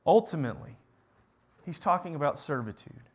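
A man delivering a sermon in a fairly high voice. He talks in an animated way, rising to loud, emphatic lines and then dropping to quiet ones. Now and then he slips in a sarcastic aside. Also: normal speed, slightly rough. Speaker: preacher.

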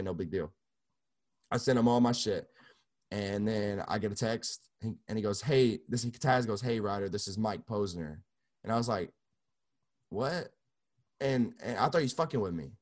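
A young man, a music producer, telling his story casually in an interview, loose and profane with many restarts. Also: mid-range voice.

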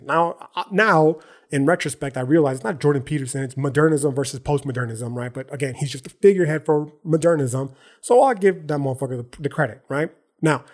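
A man's voice: fairly high pitch, darkish tone. A man hosting a solo podcast, talking in a casual, profane, slangy and emphatic way, often tagging his sentences with "right?" and "okay?". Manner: frequent "right?" and "okay?" tags. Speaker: podcast host.

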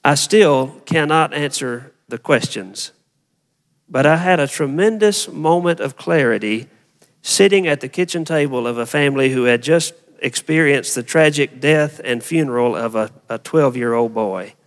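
A man's voice: medium pitch, moderate pace, long reverb tail. A man preaching a sermon as a pastor, talking to the congregation in an easy, conversational way and often asking them questions.

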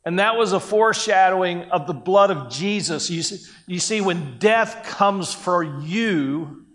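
Male pastor, unhurried sermon delivery, higher-pitched voice, conversational with acted quotes. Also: fairly bright tone.

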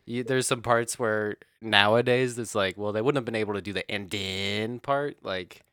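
Low-voiced guy rambling on a podcast, swears a lot, lots of ums, dry close sound. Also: normal speed, fairly bright tone, smooth, no echo. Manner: rambling, swears freely, many fillers. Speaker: podcast co-host. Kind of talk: casual chat.

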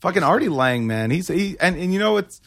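A man's voice: sits high, sing-song, brisk, creaky. A man co-hosting a podcast in casual chat, eagerly reacting and chiming in. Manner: eager, reacts with laughs and "yeah".

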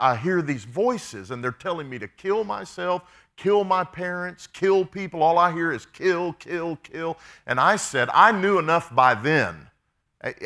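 A man preaching a sermon, telling stories with excitement and calling for amens. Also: medium pitch. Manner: storytelling, excited, with quoted exchanges and call-outs of amen.

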